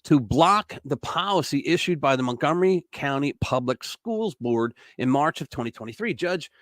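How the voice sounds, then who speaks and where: Male host, casual news commentary, blunt sarcastic asides, loud bursts and mumbling, dry recording. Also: fairly high pitch, expressive, normal speed, dry recording. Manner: blunt, sarcastic asides between read-out quotes; drifts between loud outbursts and muttering.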